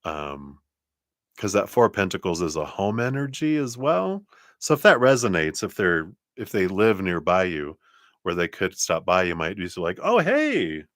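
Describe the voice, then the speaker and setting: A low-voiced man from Colorado with a slight Southern drawl, reading tarot cards on a live stream. He talks in a chatty, rambling way, with soft laughs and muttered asides. The sound is dry, with no room echo. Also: expressive, moderate pace. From Colorado, USA. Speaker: tarot reader.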